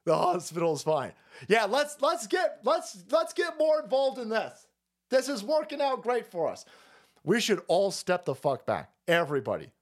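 Animated, high-pitched ranting man. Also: moderate pace. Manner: loud, mocking, foul-mouthed, restarts a lot. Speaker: streamer host. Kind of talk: profane political rant.

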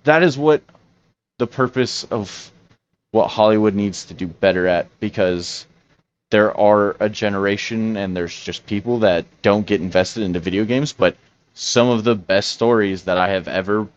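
A man co-hosts a podcast, rambling through casual conversation with lots of fillers and restarted sentences. His voice is lowish and runs at a normal speed, and the recording has its high frequencies cut off.

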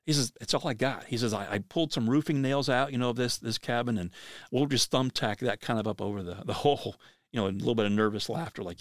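A man hosting a podcast, telling a story in an animated way, acting out the quoted speech of the people in it. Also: medium pitch, fast, dry recording, clean studio sound.

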